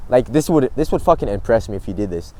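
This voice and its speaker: Young male vlogger, warm low-key tone, blunt and profane, self-mocking. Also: expressive, quick pace. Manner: blunt, swears often, laughs at himself. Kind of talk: casual advice monologue.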